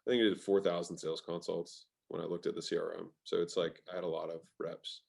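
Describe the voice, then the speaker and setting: Male interview guest, lowish voice, emphatic and casual, drops the odd swear word. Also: flat delivery, fast, creaky, darkish tone. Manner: emphatic, swears, many "like" fillers. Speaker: guest, sales expert.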